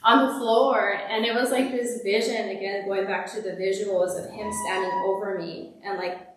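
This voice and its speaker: A woman's voice: mid-range voice, steady tone, moderate pace, background noise. A woman giving a candid, conversational personal testimony as guest speaker at a church service. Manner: candid, conversational, uses "like" often. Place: church hall. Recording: echoey hall from far off.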